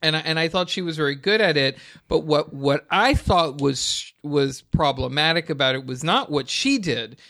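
A man's voice: on the high side, animated, normal speed, hardly any pauses, fairly bright tone. A man talking in a casual podcast discussion, rambling with many restarts and fillers.

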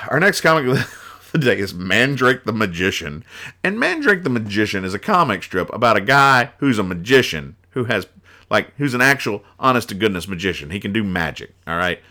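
A man's voice: lowish voice, big pitch swings, normal speed, sharp tone. A male podcast host casually reviewing newspaper comics with rambling, sarcastic asides and chuckles.

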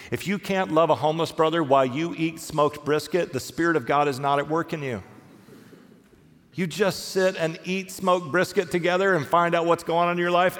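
A middle-aged male pastor preaching a sermon in a conversational way, often acting out the voices of the people he quotes. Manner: conversational preaching, acts out quoted voices, pitch swings widely. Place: church sanctuary. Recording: reverberant church hall.

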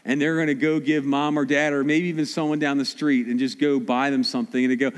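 A man preaching a sermon as pastor, swinging between hushed slow appeals and loud animated asides. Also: mid-range voice, clean tone. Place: church sanctuary. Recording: long reverb of a large hall.

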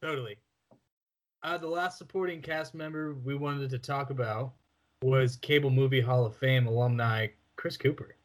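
A man's voice: medium pitch, steady tone, moderate pace. A man co-hosting a casual film podcast, enthusiastic and loose, calling his friend "dude" and "bro". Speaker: podcast co-host.

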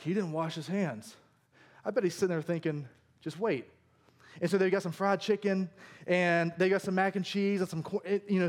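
A high-pitched male pastor preaching a sermon. He tells stories with animated, humorous energy, mixing jokes with earnest points.

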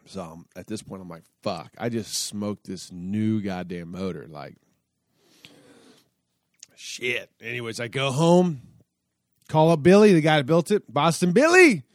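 A man's voice: mid-range voice, sing-song, a little slow, pauses often, no echo, studio quality. A man telling a long casual story in a rambling, profane way, full of fillers and restarts. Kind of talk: casual spoken anecdote.

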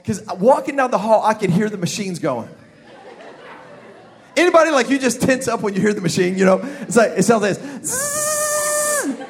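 Young male pastor, high voice, comic storyteller, punches lines with shouts. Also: brisk, a faint crowd. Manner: animated storytelling with sound effects and shouted emphasis. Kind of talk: comedic sermon. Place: church service with live congregation.

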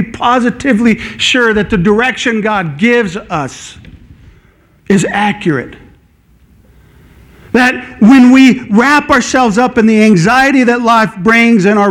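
A middle-aged man preaching a sermon as pastor, in a lively, conversational way that acts out everyday inner dialogue. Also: very high-pitched.

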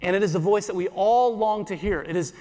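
A pastor giving an earnest sermon in church, repeating phrases and slowing down for scripture. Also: male voice, high-pitched, warm tone, in a large hall.

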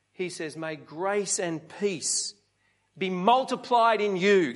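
High-voiced preacher. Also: male voice. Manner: conversational, asks the congregation rhetorical questions. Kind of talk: sermon.

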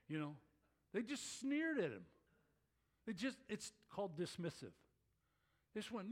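A male pastor preaching a sermon, animated, acting out the voices of his listeners. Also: high voice, normal speed, pauses often.

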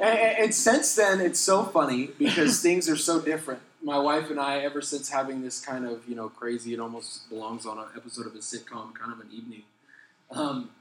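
A man's voice: medium pitch, sharp tone, echoey room, a little hiss or hum, poor audio. A young adult man, a pastor, telling a funny story in a sermon, acting out quotes and laughing as he goes.

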